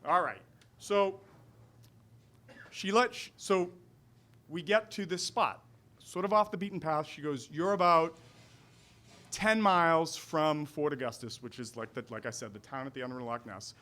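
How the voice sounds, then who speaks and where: A man's voice: fairly high pitch, moderate pace, pauses often, sharp tone. A man in his forties with a Boston accent, telling a wry, self-deprecating story at a live storytelling night in a restaurant. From Boston area.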